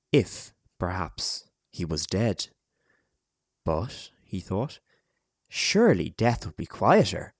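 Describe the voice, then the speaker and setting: Deep, slow male audiobook narrator. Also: dry recording, clean studio sound. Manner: measured, dramatic storytelling.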